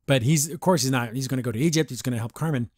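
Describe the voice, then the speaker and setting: A young man hosting a podcast, rambling excitedly through a casual episode review. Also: medium pitch, rapid-fire, no echo, clean studio sound. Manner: excitable, rambling fan talk. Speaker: podcast host.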